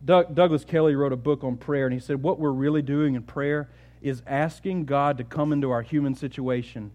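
A man's voice: medium pitch, fairly even intonation, normal speed, a little mellow. A man pastor preaching a sermon, telling the story with rhetorical questions and often repeating words.

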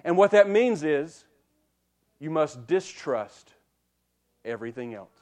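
A man preaching a sermon to a congregation, emphatic and addressing them directly, dropping to a hush and then rising loud, repeating words as he builds a point. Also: a little high, animated, slow pace. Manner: emphatic, swinging from hushed to loud.

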